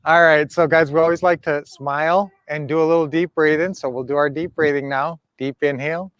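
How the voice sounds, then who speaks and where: A middle-aged man hosts a casual coaching livestream for real estate buyers. He rambles in a folksy way with plenty of fillers, in a fairly high voice. The recording is dry and close. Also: steady tone, a little fast, a bit bright, smooth, dry recording.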